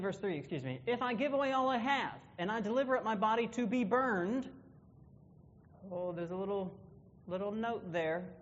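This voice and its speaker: A man teaching a Bible class, explaining in a conversational way and correcting himself as he goes. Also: sits high. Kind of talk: classroom lesson with visual aids. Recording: dull, reverberant room recording.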